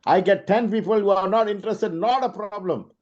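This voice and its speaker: An eager young salesman who refuses to take no for an answer, acted out by a man. He pleads earnestly, his voice a touch high. The sound is dull and lo-fi. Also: fairly quick, darkish tone, lightly acted.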